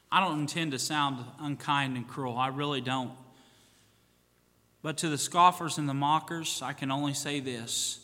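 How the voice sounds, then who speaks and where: Male pastor, fervent sermon, bright ringing voice, a bit high, loud then hushed, long church reverb. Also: steady tone, normal speed. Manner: swings from loud fervent preaching to hushed solemn tones. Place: church sanctuary.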